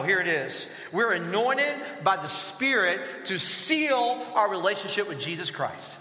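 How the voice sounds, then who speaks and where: A man preaching a sermon to his congregation in a large church. He is energetic and prompts the crowd to call out answers and repeat after him. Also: high voice. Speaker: pastor. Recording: echoey church hall with long reverb.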